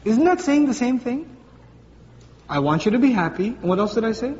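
Male preacher, high voice, playful storytelling delivery; muffled, reverberant hall recording. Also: a little fast. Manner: lively, conversational, acts out everyday voices. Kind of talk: sermon. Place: large gathering hall with congregation. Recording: distant voice in a large hall, muffled, faint hum.

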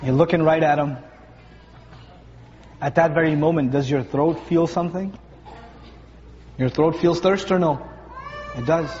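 His voice echoes with long reverb through a large hall, somewhat dull in tone, with faint room noise beneath. Speaking fairly high, a little slowly, and pausing often, this Ramadan-talk preacher delivers a lively sermon full of jokes to young listeners, animatedly acting out little everyday scenes in comic voices and rising in pitch for emphasis.

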